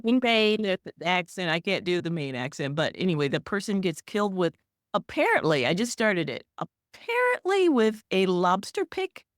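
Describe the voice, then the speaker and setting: A woman's voice: lowish voice, very animated, moderate pace, dry recording, studio quality. A woman co-hosting a podcast, chatting casually in a rambling, teasing way with lots of restarts. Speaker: podcast co-host. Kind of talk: casual chat.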